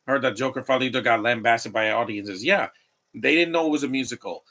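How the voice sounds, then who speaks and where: A man's voice: mid-range voice, brisk, pushed and bright. A man giving live watch-along commentary on a movie, opinionated and rambling, often restarting his sentences.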